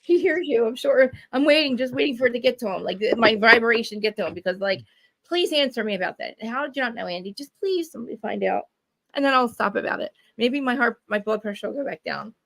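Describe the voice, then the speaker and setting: Young woman on a chat podcast, gravelly voice, fired up, cussing and doing quotes. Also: fairly high pitch, quick pace. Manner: animated, swearing, acting out quotes. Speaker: podcast co-host. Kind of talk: casual chat.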